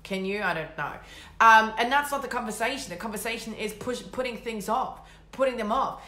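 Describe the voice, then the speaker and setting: A woman giving a blunt, energetic motivational talk as a mindset coach, swearing casually. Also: a little high, brisk, roomy sound.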